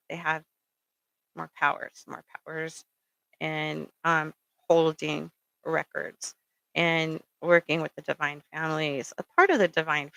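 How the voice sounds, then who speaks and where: A woman's voice: sits low, vocal fry, fairly bright tone, no room sound, rough recording. A middle-aged woman giving rambling, casual spiritual advice, full of ums and checking in with "okay?". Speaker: spiritual speaker.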